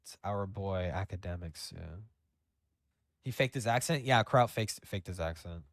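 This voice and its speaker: A man's voice: low voice, a little slow, no echo, studio quality. A man hosting a livestream in casual chat, rambling with lots of fillers and swearing. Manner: rambling, profane, with many fillers. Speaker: streamer host.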